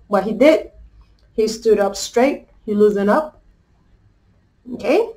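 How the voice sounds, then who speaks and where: A woman's voice: a little high, slow pace, pauses often, low-quality recording. A woman life coach retelling a children's story in a casual, conversational way, often checking in with her listeners.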